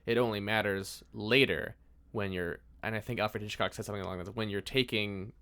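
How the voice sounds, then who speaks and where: A man co-hosting a podcast in casual chat, easygoing and quick to laugh and chime in. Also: on the low side, steady tone, fairly bright tone, clean tone. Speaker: podcast co-host.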